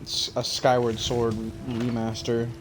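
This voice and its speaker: A man's voice: mid-range voice, completely flat delivery, a little slow, over music. A tired young man streaming a game, rambling with lots of fillers and casual swearing. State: yawning, tired. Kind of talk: casual gameplay commentary.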